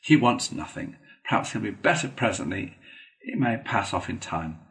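A stern old badger , as a male storyteller puts him on, gives firm, knowing warnings in a storybook reading. The voice sits on the low side and speaks with settled authority. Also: very animated, normal speed, gravelly, fairly bright tone, exaggerated voice, low-quality recording.

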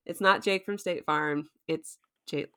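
A woman's voice: sits low, a little slow, bright, forceful tone, smooth. A woman recapping a show in casual chat, chatty and playful, laughing often. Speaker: co-host.

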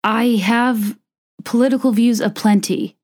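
A young woman giving a personal monologue to camera, earnest and impassioned, often halting and restarting mid-thought. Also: a little high, a little mellow. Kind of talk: personal monologue to camera with a read-aloud passage.

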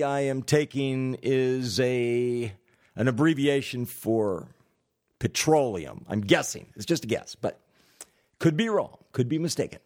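A man delivering a political commentary monologue, deliberate and given to sarcastic asides. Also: mid-range voice, darkish tone. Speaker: commentary host.

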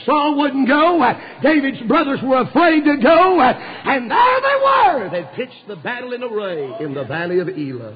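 A preacher delivers a fervent storytelling sermon, dropping "uh" between his phrases. His man's voice sits very high and sounds rough and raspy. It comes through a muffled, dull recording with a long hall reverb. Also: sing-song, measured pace, hardly any pauses. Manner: impassioned storytelling preaching with frequent "uh" fillers.

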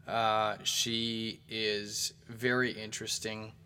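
Chatty young man, slightly low voice. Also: level tone, takes it slowly, bright, forceful tone, slight background noise. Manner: rambling, self-mocking, chatty. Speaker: podcast host. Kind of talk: casual solo podcast monologue. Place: apartment room.

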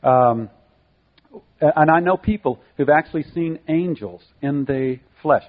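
Husky preacher man, tinny sound. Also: fairly high pitch, a little slow. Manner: earnest, emphatic teaching with repeated phrases. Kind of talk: sermon.

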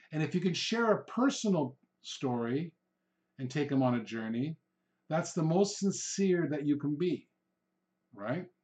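Speaking in a voice on the high side and a little mellow, a middle-aged real estate trainer who hosts a podcast offers instructional sales tips. He keeps it conversational, role-playing short conversations with customers.

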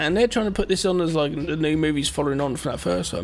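A man's voice: on the high side, expressive, fast, creaky, few pauses, slight background noise. A man co-hosting a horror podcast, laid-back and rambling, cracking jokes and swearing. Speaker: podcast co-host. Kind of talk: casual chat.

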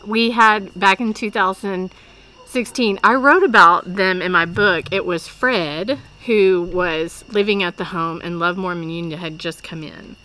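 A woman's voice: fairly low pitch, unhurried, bright, forceful tone, rough recording. A woman hosting a casual podcast chat in the field, chatty and given to laughter, tearing up when moved. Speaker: podcast host. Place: outdoors at a mission home with people working nearby. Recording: field recording with faint background noise.

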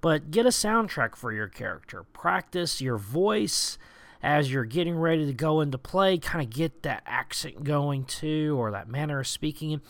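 Gravelly man chatting casually. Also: fairly high pitch, expressive, normal speed, a bit bright, no echo. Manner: chatty, rambling, with frequent "you know" and "uh". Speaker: podcast host giving roleplaying tips. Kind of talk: casual tips monologue.

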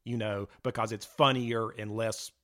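A man's voice: lowish voice, steady tone, normal speed, pushed and bright. A man in his thirties co-hosting a casual chat, explaining his thoughts with lots of hedges and fillers. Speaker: podcast co-host.

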